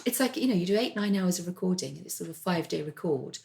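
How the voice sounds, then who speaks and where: A woman's voice: lowish voice, lively intonation, racing, gravelly, a little mellow. A woman novelist co-hosting a casual chat, chatty and self-deprecating, with rambling asides. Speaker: podcast co-host, novelist.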